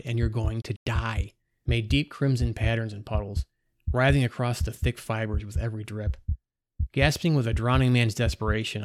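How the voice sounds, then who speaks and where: Guy reading a dark horror story, lowish voice, measured, dry mic. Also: no room sound. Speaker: narrator. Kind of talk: first-person gothic horror narration.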